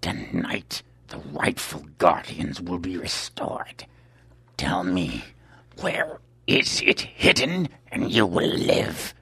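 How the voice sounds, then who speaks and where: A man voicing a huge, menacing male attacker who speaks slowly and deliberately, sometimes in a low whisper. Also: very animated, vocal fry, fairly bright tone, husky, full character voice.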